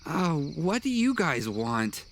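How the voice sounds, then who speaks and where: A man voicing a sheepish young boy wizard in a nightgown, his voice pushed higher than his own. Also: big pitch swings, slow pace, a bit bright, a little hiss or hum, exaggerated voice. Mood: whiny.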